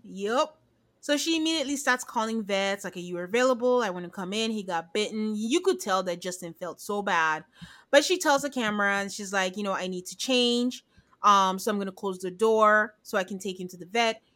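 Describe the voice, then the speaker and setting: A woman in casual podcast chat, telling stories with animation and slipping into quoted voices. She sounds like a regular co-host going over an episode with a friend, at a middle pitch. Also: lively intonation, normal speed, fairly bright tone. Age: adult.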